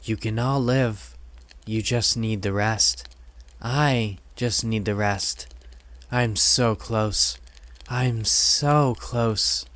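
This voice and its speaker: A man voicing a menacing male axe killer who coaxes slowly, then mocks in high, loud bursts. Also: animated. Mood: slow, wheedling. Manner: wheedling, mocking, swinging to shrill threats.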